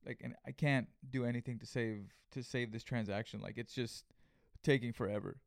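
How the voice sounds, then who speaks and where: A man's voice: mid-range voice, fairly even intonation, normal speed, vocal fry, no room sound, studio quality. A man hosting a solo podcast, telling a story in a rambling, casual way full of fillers. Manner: rambling, filler-heavy, conversational. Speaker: podcast host.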